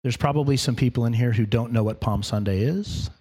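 A man's voice: mid-range voice, brisk, dark tone, breathy edge. A man preaching in a church in a conversational sermon, with humorous asides to the congregation. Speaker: pastor.

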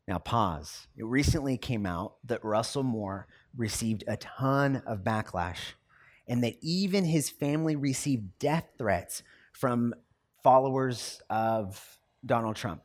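A man's voice: mid-range voice, lively intonation, measured pace. A man preaching a sermon as a pastor, talking conversationally and acting out everyday quotes.

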